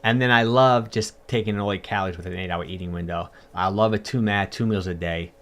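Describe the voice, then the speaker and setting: A man's voice: on the low side, fast, fairly bright tone. A man, a fitness coach, talking casually on a livestream and answering viewer comments in a chatty, upbeat way with lots of fillers and repeats.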